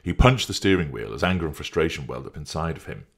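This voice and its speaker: A man narrating a dramatic story in a measured, scripted way. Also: a bass voice, expressive, vocal fry, husky.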